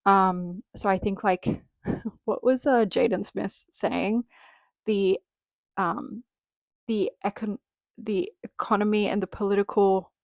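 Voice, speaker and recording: A woman's voice: mid-range voice, dry recording. A young Australian woman hosting a casual solo podcast, chatting with lots of "um" and "like" fillers and casual swearing. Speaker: podcast host.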